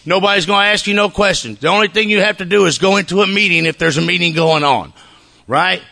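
A man with a bright, forceful voice pitched a little on the higher side gives a recovery meeting testimony. He talks casually and bluntly, swears freely, and keeps checking in with his listeners. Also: fast talker, vocal fry. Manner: casual, profane storytelling with frequent "you know what I'm saying". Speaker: speaker sharing his recovery story.

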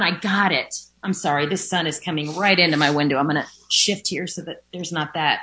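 A woman's voice: deep voice, fairly even intonation, a little fast, hardly any pauses, bright, forceful tone. A woman speaking candidly about her recovery from addiction, at home by a window, with many fillers and an occasional swear word. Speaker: recovering alcoholic sharing her story. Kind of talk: personal recovery testimony.

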